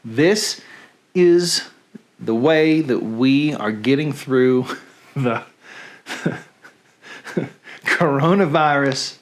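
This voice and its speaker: A man's voice: mid-range voice, drawn-out words, pauses often. A man hosting a live stream, wrapping up in a casual, self-mocking way. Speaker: host.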